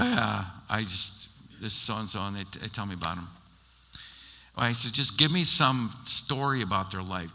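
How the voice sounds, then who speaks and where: On the low side yet pushed and bright, a pastor's voice rings through a church sanctuary with long reverb. His sermon is animated storytelling, complete with impressions of the people he quotes.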